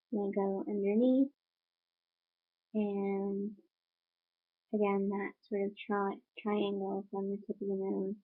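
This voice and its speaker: A woman narrates a makeup tutorial at an unhurried pace, her voice carrying a gravelly fry. She rambles a little and pads her talk with fillers. The sound is thin and phone-like. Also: medium pitch. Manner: relaxed, rambling with many fillers. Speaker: beauty vlogger.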